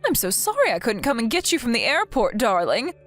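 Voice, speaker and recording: A woman's voice: fairly high pitch, very animated, fairly quick, fairly bright tone, soft background music, voice pushed up. Text-message story: a woman playing a scheming older mother-in-law, syrupy and mocking.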